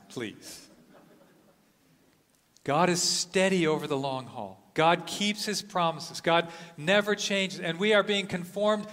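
A man in his sixties preaches slowly, his bright voice carrying a long reverb through a church sanctuary. He is dramatic, swinging from hushed to exclaiming. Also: high-pitched. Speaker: pastor. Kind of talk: sermon.

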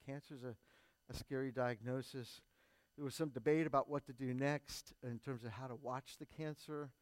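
A middle-aged man, a pastor, telling his family's story in a sermon, earnestly and with lively quoted voices. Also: mid-range voice, normal speed, no room sound. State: recovering from tongue surgery. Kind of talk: sermon testimony.

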